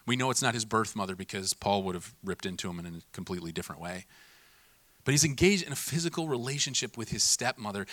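A man preaching a sermon in a lively, conversational way, mimicking people in quick voices and laughing at himself. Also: mid-range voice, no room sound. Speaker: pastor.

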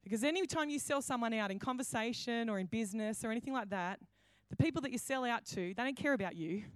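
A woman pastor delivers a sermon in a dry, close sound. Her voice sits fairly high, and she tells the story vividly, acting out quoted lines and often restarting her phrases. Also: quick pace, smooth, no room sound.

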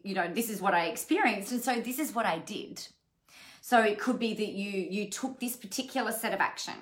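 A woman's voice: medium pitch, a bit bright. Woman, business coach, live-stream talk, chatty, speaks straight to viewers, mid-range voice, restarts her sentences a lot. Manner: chatty, addresses viewers directly, frequent restarts.

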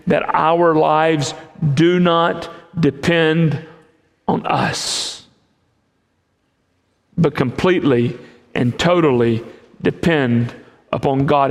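Male preacher, sermon, slow deliberate delivery, long reverb of a church hall. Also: a little high, steady tone. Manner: emphatic, drawn-out pauses between phrases.

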